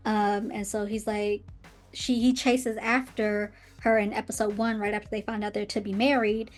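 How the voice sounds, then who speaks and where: A woman's voice: medium pitch, moderate pace, faint music behind. A young woman hosting a podcast, casually recapping a TV drama with lots of "like" and acted-out quotes of the characters. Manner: animated, acts out characters' lines in quotes, frequent "like". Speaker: podcast host. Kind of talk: casual commentary recapping a TV show.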